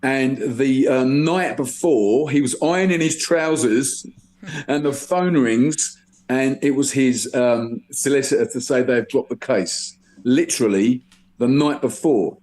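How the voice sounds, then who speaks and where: A man's voice: medium pitch, measured pace, darkish tone. A man in a casual group discussion, telling a story emphatically. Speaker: guest.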